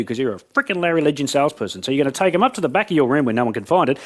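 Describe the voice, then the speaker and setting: Australian male business speaker, live-audience talk, quick and brash, playful storyteller. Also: mid-range voice, very animated. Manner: brash, joking, acts out conversations. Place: event room with audience.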